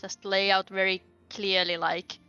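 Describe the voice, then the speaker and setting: A woman's voice: medium pitch, little pitch movement, a little slow, bright, forceful tone, clear, resonant tone, lo-fi sound, soft background music. A woman playing a tabletop game, planning aloud in a rambling, casual way. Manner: rambling, many fillers. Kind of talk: casual chat.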